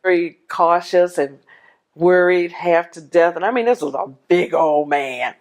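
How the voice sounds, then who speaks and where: Animated woman telling her own story. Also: lowish voice, unhurried. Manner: animated, hushes her voice when quoting others; laughs often. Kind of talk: personal testimony storytelling.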